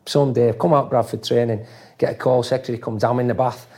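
Casting: middle-aged man, mellow voice, lively raconteur who acts out quotes. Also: mid-range voice, fast, creaky. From England, raised in Leeds. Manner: animated storyteller acting out quoted voices, swears freely. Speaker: former footballer guest. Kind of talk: casual storytelling interview.

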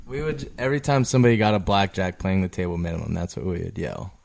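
A man chiming in on a casual chat in a low, easygoing voice. He downplays the story. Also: animated, quick pace, vocal fry, darkish tone, slight background noise.

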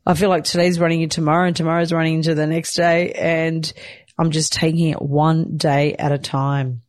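A woman's voice: low voice, little pitch movement, fairly quick, dry recording, clean studio sound. A sleep-deprived new mother talking candidly in a casual weekly chat, swearing lightly and laughing often. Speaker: weekly vlogger, new mother of twin boys.

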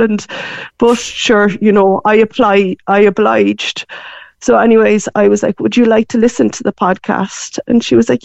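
A woman of forty with a Cork accent, chatting as a guest in a lively storytelling way. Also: medium pitch, moderate pace, gravelly, no room sound, dull audio. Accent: Irish, Cork. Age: 40s. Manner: animated storytelling, voices her mum's lines. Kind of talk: casual phone interview.

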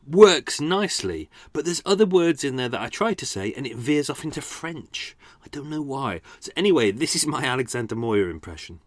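A man's voice: mid-range voice, sing-song, moderate pace, few pauses, a bit bright, no echo, clean studio sound. A man hosting a podcast, chatting casually with lots of fillers and self-deprecating asides. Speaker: podcast host. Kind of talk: casual chat.

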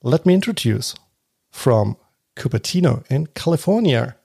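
A man's voice: mid-range voice, expressive, normal speed, creaky, dark tone, breathy edge. A man with a German accent hosting a podcast, chatty and laughing as he introduces guests. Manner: chatty and laughing, with frequent restarts. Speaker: podcast host. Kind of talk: casual podcast chat.

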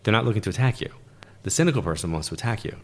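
Deep-voiced New man telling stories. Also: very fast. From New York. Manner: animated, acts out the people in his stories. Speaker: guest, stage medium. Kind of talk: conversational storytelling.

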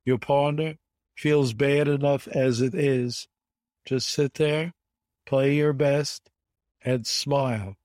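A man's voice: medium pitch, fairly even intonation, slow, a little mellow, no echo. An older man, a guest in an interview, telling anecdotes in an emphatic way and repeating words for stress. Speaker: bridge player guest.

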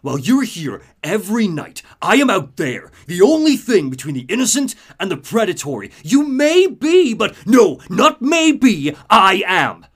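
A man's voice: high-pitched, very animated, unhurried, hardly any pauses, fairly bright tone, voice pushed up, exaggerated voice. A man voicing a grim young male vigilante who declaims intensely and defiantly.

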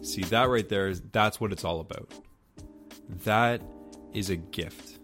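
A man with a lowish voice hosts a podcast, reflecting thoughtfully and pausing on fillers. Faint music plays beneath his talk. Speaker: podcast host.

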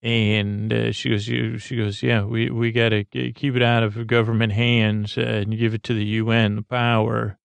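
A man hosting a bedtime podcast, retelling a TV episode in a meandering, halting way full of ums and restarts. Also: level tone, creaky, clean tone, dry recording. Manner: low-key, unhurried. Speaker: podcast host.

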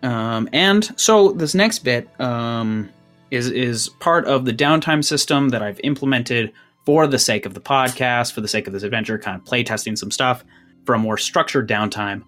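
Guy running a tabletop game, intense narration, mid pitch voice. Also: normal speed, fairly bright tone, soft background music. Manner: intense second-person narration, then loose chatty rules talk. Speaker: game master.

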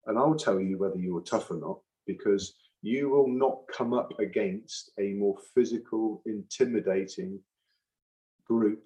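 A man's voice: on the low side, measured pace, warm tone, rough recording. A middle-aged man, a retired rugby forward, talking in an interview, emphatic and repeating phrases for force. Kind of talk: impassioned interview talk.

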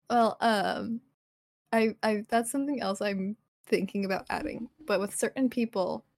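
Woman guest, sultry and teasing, soft delivery, dry close sound. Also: fairly high pitch, takes it slowly, pauses often, no room sound. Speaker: podcast guest, streamer. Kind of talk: casual livestream chat.

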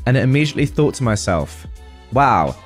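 A man's voice: mid-range voice, brisk. A man reading reddit posts aloud and adding wry comments, with faint music behind him. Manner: wry, animated commentary with frequent laughs. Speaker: reddit storytime host.

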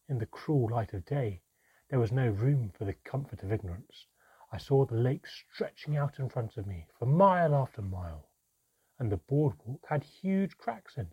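A man narrating a fantasy story in the first person, measured and suspenseful, sometimes dropping to a whisper. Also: medium pitch, breathy edge, dry recording. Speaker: audiobook narrator. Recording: dry, slightly dull audio.

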